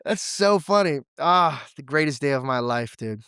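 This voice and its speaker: A man's voice: fairly high pitch, lively intonation, moderate pace, fairly bright tone, smooth, dry recording. A young man who grew up in a church, talking in an interview as a guest. He speaks candidly and expressively, says "dude" and "bro" a lot, and comes close to tears when things get serious. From Assyrian heritage, grew up in a church. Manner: earnest, close to tears at times. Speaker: podcast guest. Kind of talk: emotional, candid interview talk.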